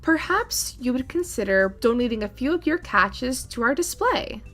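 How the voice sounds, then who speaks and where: A woman's voice: high-pitched, big pitch swings, moderate pace, a bit bright, soft background music, heavily acted. A woman voicing a courteous, old-fashioned aquarium curator in a cozy farming game. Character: polite formal aquarium curator.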